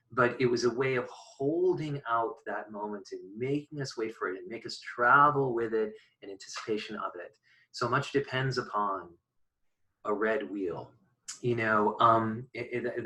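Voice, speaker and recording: A man's voice: on the low side, pushed and bright, far from the mic, poor audio. Musing male poetry teacher, full of fillers. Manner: musing, halting, many fillers and restarts. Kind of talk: recorded online lecture.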